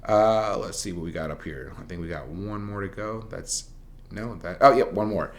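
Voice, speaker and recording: A man's voice: fairly low pitch, moderate pace, reverberant. A man teaching a journalism writing class in a recorded lecture, talking casually and rambling, with many fillers and restarts.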